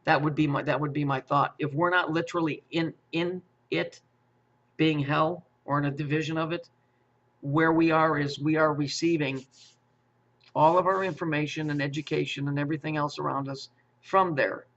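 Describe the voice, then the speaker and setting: A man's voice: fairly high pitch, steady tone, normal speed, fairly bright tone. A man delivering a rambling, profane monologue, repeating himself and stumbling over restarts while firing rhetorical questions. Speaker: conspiracy commentator. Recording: muffled lo-fi audio.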